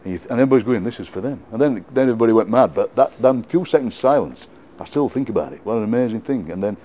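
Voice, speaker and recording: A middle-aged man with a Yorkshire accent, a poet being interviewed, telling lively football anecdotes with frequent laughs and repeated words. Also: medium pitch, very fast. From England. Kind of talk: casual storytelling interview.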